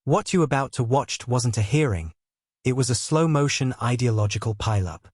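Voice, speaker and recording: Punchy sarcastic commentator, dry sound. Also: male voice, medium pitch, animated, normal speed, a little mellow, no echo. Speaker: online commentator. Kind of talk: scripted commentary.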